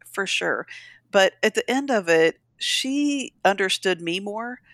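A woman's voice: medium pitch, fairly bright tone, dry recording, clean studio sound. A middle-aged woman talking candidly and emotionally in a casual conversation, encouraging her listeners. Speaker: podcast co-host.

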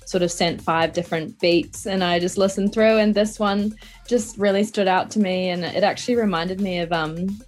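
A woman's voice: medium pitch, steady tone, normal speed, faint music behind. Chatty New Zealand woman on a call. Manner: chatty, laughs easily. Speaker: musician guest. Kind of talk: remote radio interview chat. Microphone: video call.

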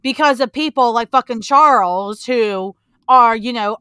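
A woman's voice: fairly high pitch, measured pace, bright, forceful tone, clean tone, no echo. A woman co-hosting a casual comics podcast, talking animatedly, repeating points for emphasis and swearing freely. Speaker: podcast co-host.

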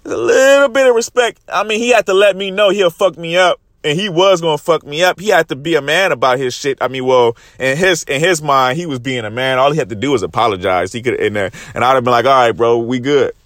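A man's voice: a little high, quick pace, few pauses, a bit bright, no echo, clean studio sound. A young man telling a story into his phone in a fired-up, profane monologue, repeatedly addressing his viewers as "guys". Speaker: vlogger.

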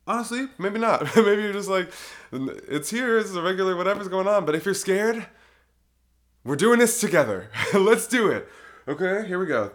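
A young man hosting his own solo podcast, rambling casually, often breaking into giggles and cutting himself off mid-sentence. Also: high voice. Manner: giggly, rambling, self-interrupting. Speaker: podcast host.

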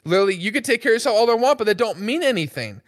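A man's voice: high-pitched, sing-song, rapid-fire. A young man co-hosting a podcast, rambling through crude, teasing banter in a casual chat. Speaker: podcast co-host.

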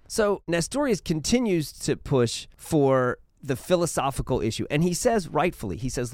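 A man giving a casual, lecture-style talk on church history, telling it as a lively story with quick changes of tone. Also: dry recording, studio quality. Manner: animated storytelling, acts out quotes with shifting pitch.

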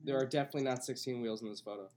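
A young man with a Buffalo, New York accent, hosting a podcast in casual chat with quick jokes. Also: medium pitch, darkish tone, a little hiss or hum. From Buffalo, New York area. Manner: quick, joking. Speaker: podcast host.

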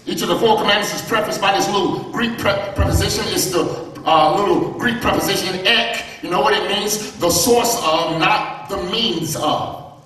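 A man's voice: sits high, moderate pace, pushed and bright. Male pastor, emphatic sermon delivery, distant mic in a roomy hall. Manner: emphatic preaching with rising repeated phrases and questions to the congregation. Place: church sanctuary. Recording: echoey church heard from a distance.

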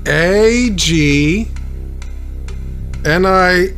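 A man's voice: high-pitched, very slow, fairly bright tone, soft background music. A man joking wryly about his own spelling during light studio banter. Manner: wry, self-mocking.

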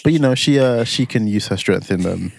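A man's voice: mid-range voice, expressive, a little fast, vocal fry, background noise. Man chatting with dry teasing humour. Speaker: podcast co-host. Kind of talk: casual chat.

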